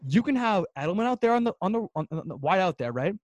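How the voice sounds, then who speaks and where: A man's voice: high voice, sing-song, quick pace, no echo. A man co-hosting a sports podcast in casual chat, emphatic and ranting, repeating his points for effect. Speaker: podcast co-host.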